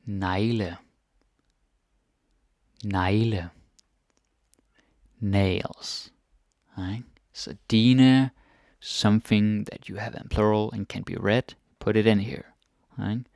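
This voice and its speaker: Slow, gravelly male teacher. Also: on the low side, no room sound, clean studio sound. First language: Danish. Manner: relaxed, repeats words, asks "right?" often. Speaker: language teacher. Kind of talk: casual language lesson.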